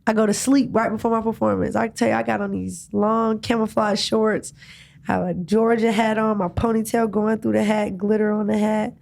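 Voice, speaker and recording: A young woman telling stories in a relaxed interview, slangy and animated, often asking "you know what I'm saying". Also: mid-range voice, normal speed, vocal fry. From United States. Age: young adult. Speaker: guest, college athlete and rapper. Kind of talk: casual interview chat.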